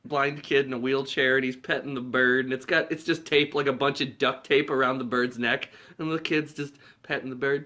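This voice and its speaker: A man's voice: medium pitch, fairly even intonation, fairly quick, pushed and bright. A man giving a casual movie recap as a reviewer, rambling and profane, with lots of filler words.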